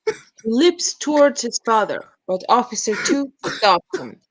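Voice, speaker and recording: A woman narrating the stage directions of a play in a plain, even reading. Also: on the high side, a little slow, low-quality recording. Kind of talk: scripted narration.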